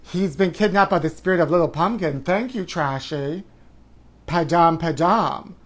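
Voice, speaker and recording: A man's voice: high voice, moderate pace. A man in his forties hosting a live stream, campy and theatrical, calling viewers honey and whooping as he chats through their comments. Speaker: host.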